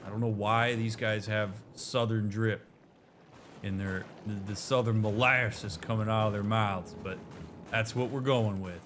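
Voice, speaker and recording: A man casually commenting on a video game playthrough, relaxed and amused. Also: lowish voice, measured pace, slight background noise. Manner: relaxed, amused, laughs easily. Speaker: therapist doing a game playthrough. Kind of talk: casual let's-play commentary.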